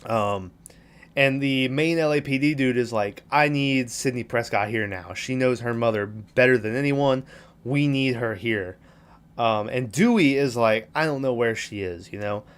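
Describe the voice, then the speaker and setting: This podcast host walks through a movie plot loosely, cursing as he rambles and quoting characters' dialogue in their voices. He speaks at a measured pace with a medium-pitched, clear, resonant tone.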